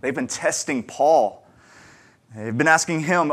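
An unhurried, husky man's voice on the high side, animated throughout, belongs to a pastor giving a sermon. He shares something personal in an earnest, chatty way, trading quiet asides for emphatic questions that press the crowd.

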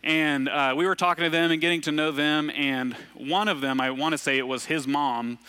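A man from Arkansas preaches in an easy, conversational way. His voice sits a bit high and sounds bright and forward. He tells stories with self-deprecating asides. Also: fairly even intonation, normal speed, clear, resonant tone. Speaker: pastor. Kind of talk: conversational sermon.

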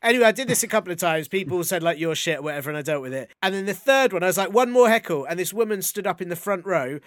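A male comedian with a high voice, telling stories in a lively, animated way and laughing mid-sentence. He sounds close and dry, with no room around him. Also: very fast, no echo. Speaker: comedian guest. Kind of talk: casual chat, anecdote telling.

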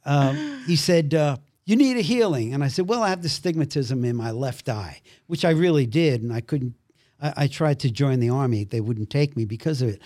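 A man from Brooklyn, a podcast guest telling a story in a lively way and acting out the other people's voices. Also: mid-range voice, moderate pace, no room sound, studio quality. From Brooklyn, New York. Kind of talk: storytelling conversation.

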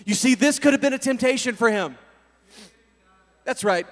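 High-voiced energetic preacher man. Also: normal speed. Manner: energetic, slangy, animated. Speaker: pastor. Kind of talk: lively sermon storytelling. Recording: long hall reverb.

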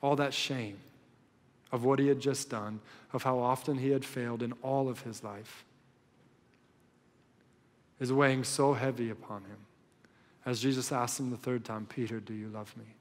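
A male pastor preaching a sermon in a storytelling way, swinging between loud and hushed. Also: mid-range voice, fairly even intonation, measured pace, pauses often, long reverb tail.

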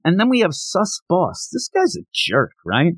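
Animated man recapping a manga chapter. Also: sits high, breathy edge, no echo. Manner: animated, acts out characters' lines in quick bursts. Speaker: podcast host. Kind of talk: casual manga discussion.

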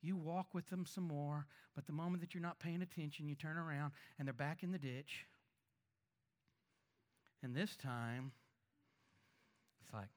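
A man preaching as a pastor, talking conversationally and asking the congregation rhetorical questions, his voice swinging between emphatic lines and quiet asides. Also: on the high side, a little slow, pauses often. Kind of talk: sermon.

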